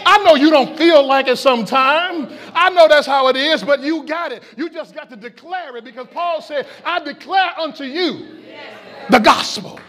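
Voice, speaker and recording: Hardly pausing at all, this pastor speaks at normal speed in a very high voice. He delivers an impassioned Easter-style sermon in a church sanctuary, calling out to the congregation and shouting in call-and-response.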